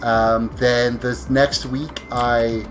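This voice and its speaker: Tired guy livestreaming a game, mid-pitch voice, rambles and corrects himself, some faint music behind. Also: flat delivery, extremely slow. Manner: rambling, self-correcting, talks while playing. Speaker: live streamer. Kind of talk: casual gameplay commentary.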